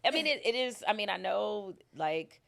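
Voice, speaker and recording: A woman's voice: medium pitch, expressive, moderate pace, vocal fry, a bit bright. A middle-aged woman speaking candidly and emphatically as a podcast guest, laughing often. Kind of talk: casual interview conversation.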